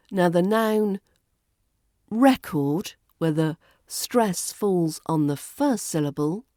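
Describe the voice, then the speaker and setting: Brief: British RP woman, accent coach, low-pitched and unhurried, crisp playful delivery. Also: a little mellow, dry recording, clean studio sound. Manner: slow, deliberate, playful enunciation. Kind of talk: pronunciation lesson.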